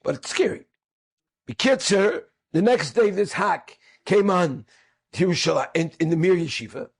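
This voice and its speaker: Man, middle-aged, storytelling, husky, animated, acts out quoted speakers. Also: sits high. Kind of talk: storytelling talk.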